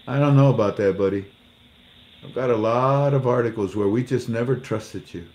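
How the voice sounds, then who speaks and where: A man at a middle pitch reads out news articles and answers each one with sarcastic asides. He plays out little mock dialogues and laughs at his own jokes. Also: moderate pace, a little mellow. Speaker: commentator reading news articles. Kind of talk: casual commentary.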